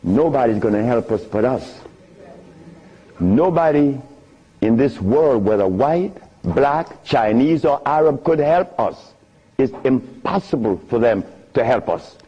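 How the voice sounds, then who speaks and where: An older man with a husky voice tells stories to an audience in an animated way, laughing often. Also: medium pitch, measured pace. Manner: animated, laughs often, sing-song emphasis. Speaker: speaker giving a talk. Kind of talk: storytelling lecture to an audience. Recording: dull lo-fi archive recording.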